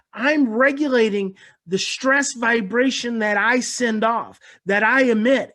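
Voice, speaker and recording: A man giving an earnest lecture about parenting. He tells a personal story, repeats key points and explains them calmly. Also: extremely high pitch. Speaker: speaker on parenting and attachment.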